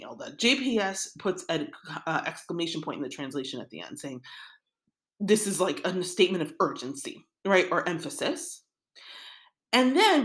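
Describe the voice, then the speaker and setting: A woman teaches scripture in a relaxed, talk-it-through way. Her voice sits fairly low, yet her pitch rises and falls a great deal. She works through ideas aloud and keeps adding "right?". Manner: conversational, thinks aloud with frequent "right?" asides. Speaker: Torah teacher. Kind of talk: casual spoken Bible lesson.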